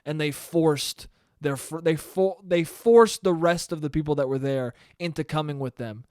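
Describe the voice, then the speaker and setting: A man's voice: fairly high pitch, moderate pace, darkish tone, no echo, studio quality. A young man hosting a solo podcast, ranting in a profane, rambling way and acting out quotes in mock voices. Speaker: podcast host. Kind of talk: solo comedic rant.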